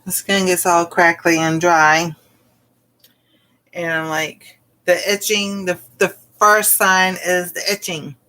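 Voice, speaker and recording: A woman's voice: lowish voice, steady tone, takes it slowly, bright, forceful tone. A woman cooking vlogger telling a personal story in a casual, rambling way, with many fillers and exclamations. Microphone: livestream.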